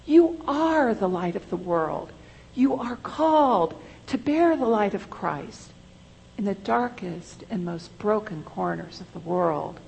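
A woman pastor delivering a sermon in a church, slow and deliberate, with emphatic rises. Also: medium pitch, animated, vocal fry, darkish tone, slightly rough, rough recording.

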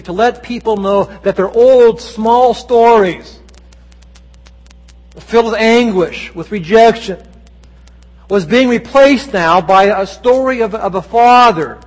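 High-voiced male pastor preaching in reverb. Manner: earnest storytelling preaching with dramatic quotes. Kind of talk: sermon. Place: church sanctuary. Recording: long church reverb.

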